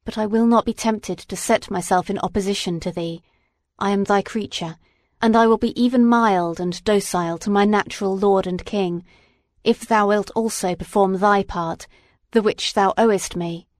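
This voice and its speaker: A woman reading aloud and voicing a huge, wretched male creature who speaks in a slow, grave, aggrieved way. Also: mid-range voice, a little mellow, no echo, clean studio sound, lightly acted. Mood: pleading.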